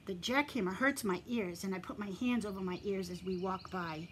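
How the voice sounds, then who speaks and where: A woman teacher gently reading a picture book aloud to young children, speaking straight to them and dropping to a soft whisper for quiet parts. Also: medium pitch, brisk, noisy background. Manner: gentle and encouraging, addresses children directly; stops to point out real sounds around her. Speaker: preschool teacher.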